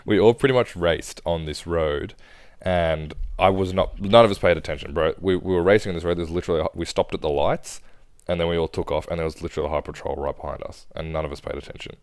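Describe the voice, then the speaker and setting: A man's voice: low-pitched, brisk, no room sound, clean studio sound. A young Australian man telling stories in a casual podcast chat, laid-back and swearing often. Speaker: podcast co-host.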